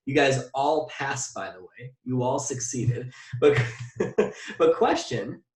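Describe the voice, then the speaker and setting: Energetic male coach in an echoey room. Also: medium pitch, a little slow. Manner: energetic, asks the audience direct questions; drills phrases by repetition. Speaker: mindset coach. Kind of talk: motivational workshop talk. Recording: echoey room, distant mic.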